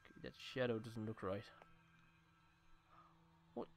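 A man's voice: fairly low pitch, steady tone, unhurried, vocal fry. Joking, swearing gamer man. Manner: jokey, swears, thinks aloud. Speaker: let's play gamer. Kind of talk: horror game commentary.

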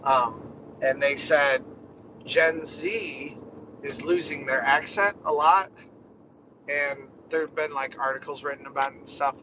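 A man's voice: a little high, a little slow, muffled recording, background noise. A man chatting casually during a car ride, rambling and laughing often. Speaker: vlogger.

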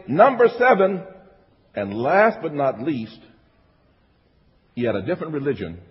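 A male pastor preaching a sermon to his congregation, working the room with repeated phrases and call-and-response. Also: medium pitch. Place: church sanctuary. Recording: echoey church hall, dull lo-fi sound.

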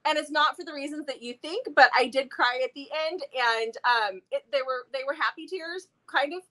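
High, bright-voiced woman chatting about books. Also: fairly quick. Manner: enthusiastic, talkative, laughs often. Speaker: book channel co-host. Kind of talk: casual book chat.

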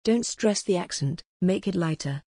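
A woman voicing a composed, reserved young man who speaks calmly and quietly. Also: lowish voice, normal speed, slightly rough, no room sound, studio quality. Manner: calm, quiet.

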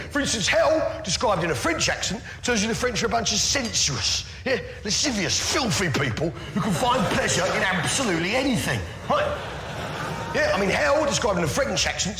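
A man's voice: high voice, noisy background. A man doing stand-up comedy in a big venue, brash and mocking, swearing often. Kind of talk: stand-up comedy in front of a crowd. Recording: roomy live show with loud crowd.

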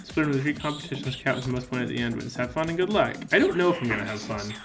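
A man's voice: mid-range voice, animated, very fast, music in the background. A man giving joking let's-play commentary in a playful, goofy way, answering in mock meows. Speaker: gaming video creator.

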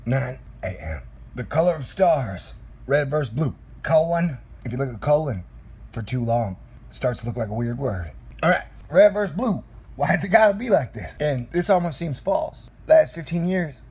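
A man's voice: medium pitch, warm tone, breathy edge. A man talking casually to his viewers in a loose, musing monologue with asides. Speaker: vlogger.

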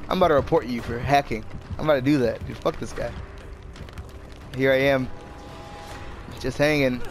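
A man's voice: medium pitch, a little hiss or hum. A young man giving casual, exasperated commentary over a game he is playing, swearing often and talking to himself and the game. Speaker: gameplay streamer.

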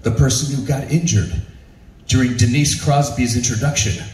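A man's voice: medium pitch, normal speed. A man telling comic stories to a live audience, laughing often and acting out the voices of people in his stories. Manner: animated, laughs often, acts out quotes. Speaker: comedic storyteller presenting his own show. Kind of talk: stand-up storytelling to a live audience. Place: ship's show venue. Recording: roomy hall, distant mic, faint ambience.

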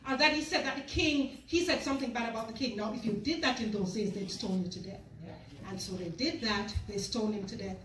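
A woman with a high, bright voice preaches a sermon and tells a story, briefly voicing its people as she goes. She sounds echoey and a little distant, picked up in a church hall with faint room noise behind her. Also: brisk.

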